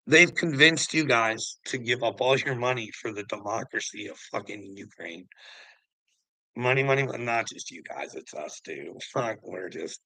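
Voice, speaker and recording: A man rants in a loose, profane ramble, his gravelly voice carrying a bright, pushed edge. The sound is dry and close, with no room around it. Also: medium pitch, expressive, measured pace, dry recording, rough recording. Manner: profane, rambling, laughs often. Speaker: host. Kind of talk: casual ranting talk.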